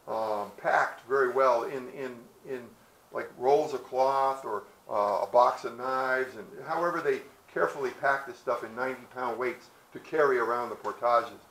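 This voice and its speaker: A man's voice: mid-range voice, normal speed, fairly bright tone, roomy sound, poor audio. A man giving a history talk outdoors, telling stories in a folksy way and acting out the characters. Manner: storytelling, folksy, acts out characters with hesitations. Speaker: presenter.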